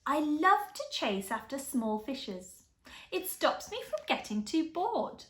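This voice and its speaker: A woman's voice: high voice, sing-song, takes it slowly, heavily acted. A woman voicing a restless, hungry swordfish in a storybook rhyme, in an echoey room. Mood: playful. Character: bored, hungry swordfish chasing small fish.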